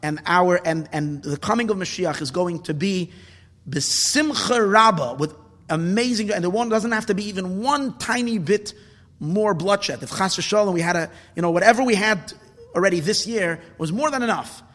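A man giving an impassioned Torah talk as a rabbi, building at times to indignant shouts. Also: high voice, lively intonation, normal speed, big-room sound.

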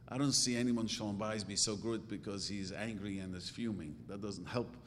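Middle-aged man, religious teacher, animated and chatty, hall reverb with faint rumble. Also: normal speed. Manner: animated, conversational, acts out quoted thoughts. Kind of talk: Torah class lecture.

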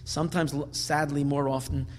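A man gives a religious teaching with a slightly high-pitched voice, telling stories in an animated way. His delivery climbs to forceful, emphatic peaks. A faint hum sits under the recording. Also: moderate pace. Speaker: Torah teacher.

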